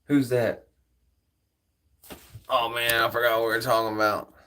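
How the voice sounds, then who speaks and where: A man's voice: medium pitch, little pitch movement, moderate pace, pushed and bright, distant mic, poor audio. A man hosting a live stream in casual chat, laid-back and slangy, swearing freely.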